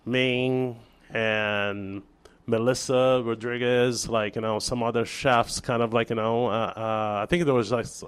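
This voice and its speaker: A man from Brazil, a chef guest on an interview show, telling a story in casual chat with lively restarts and acted-out dialogue. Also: mid-range voice, measured pace, smooth. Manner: animated storyteller, acts out quoted dialogue, many restarts.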